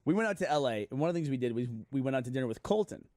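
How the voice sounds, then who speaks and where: A chatty man tells a story on a podcast at a quick clip and laughs along with it. The sound is dry and close to the mic. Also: mid-range voice, lively intonation, darkish tone, no room sound. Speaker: podcast regular. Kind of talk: casual storytelling. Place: podcast studio.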